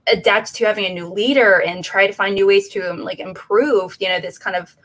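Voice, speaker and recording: A woman's voice: medium pitch, fairly even intonation, a little fast, fairly bright tone. A woman co-hosting a casual movie chat who talks hesitantly, full of fillers and restarts. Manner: hesitant, many fillers like "you know" and "uh". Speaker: co-host.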